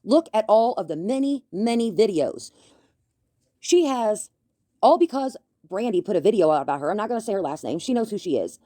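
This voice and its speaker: A woman's voice: mid-range voice, very animated, fairly quick, mellow, no room sound, clean studio sound. A woman delivering a confrontational commentary rant, talking with a slight lisp from a bitten tongue. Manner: confrontational, scolding. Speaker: commentary YouTuber. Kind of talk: ranting commentary.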